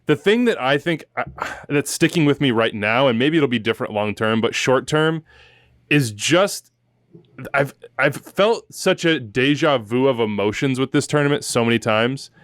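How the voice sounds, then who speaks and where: A man's voice: mid-range voice, expressive, normal speed, a bit bright, dry recording, studio quality. A man hosting a soccer podcast, telling stories with emotion and joking asides while leading the chat. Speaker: podcast host.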